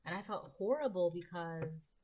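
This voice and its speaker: A woman's voice: fairly low pitch, lively intonation, normal speed, dull audio, noisy background. A woman giving a casual collective tarot reading, rambling and chatty, with frequent ums and the odd casual swear word. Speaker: tarot reader.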